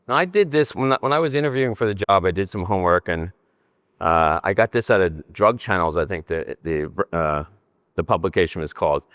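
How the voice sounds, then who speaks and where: An older man from New Jersey giving a conference presentation, animated and joking as he talks with his hands. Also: sits low, fairly quick, no room sound, clean studio sound. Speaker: conference speaker. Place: conference session room.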